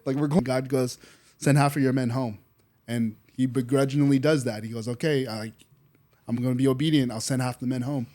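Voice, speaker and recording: A man hosting a faith podcast, chatting casually and retelling a Bible story with lively acted-out quotes. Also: mid-range voice, brisk. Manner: animated storyteller, acts out quoted voices, says "dude" often. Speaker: podcast host.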